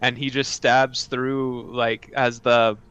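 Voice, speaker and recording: A man describing his character's actions in a tabletop game, measured and hesitant with fillers. His voice is smooth and clear. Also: medium pitch, little pitch movement, a bit bright, dry recording, muffled recording. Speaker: player.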